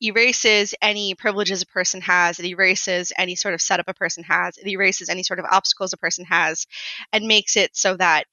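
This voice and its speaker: Bright, lively Irish woman. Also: fairly low pitch, no echo, poor audio. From Ireland. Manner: lively and quick to laugh, uses playful examples. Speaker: podcast guest, game studio founder. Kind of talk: conversational interview.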